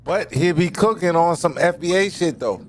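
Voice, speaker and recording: A man's voice: a little high, moderate pace, a little hiss or hum. A man in casual panel talk, bantering loosely and teasing the others by name.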